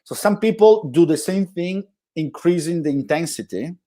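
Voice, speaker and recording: A man with an Italian accent, a guest telling animated stories in a conversational interview, often restarting his sentences. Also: a little high, moderate pace. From Italy. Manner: animated storytelling with frequent restarts. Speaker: guest storyteller.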